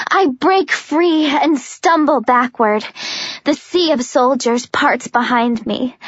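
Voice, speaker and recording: A woman narrating a first-person audiobook in a high voice at a slow, deliberate pace. Her reading is intense and dramatic. The recording is dull and dry, with the voice close to the mic. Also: no room sound.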